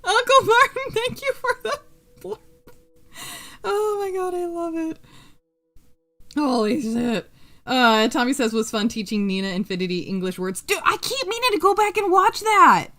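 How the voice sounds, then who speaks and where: A woman's voice: sits high, sing-song, moderate pace, long pauses, bright, forceful tone, faint music behind. A woman from the US Pacific Coast hosting a crochet livestream, chatting with viewers, giggling, swearing freely and counting stitches under her breath. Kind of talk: casual chat while crocheting, reading chat aloud.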